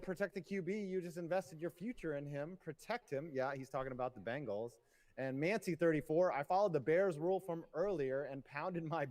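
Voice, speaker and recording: A man's voice: mid-range voice, a little mellow. Male stream host, casual, jokey, reads donations. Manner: loose and jokey, laughing between reads. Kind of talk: casual livestream chat, reading donations aloud.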